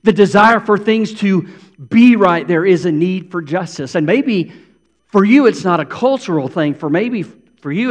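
A man with a notably high voice delivers a sermon, earnest and building in intensity as he voices pleading prayers. His words carry a long reverb, as if spoken in a large hall. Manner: earnest preaching, voicing prayers with rising intensity. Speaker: pastor.

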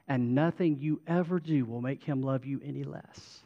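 A man preaching a sermon as a pastor, moving from emphatic declarations to a quiet, intimate prayer voice. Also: medium pitch, moderate pace, lo-fi sound.

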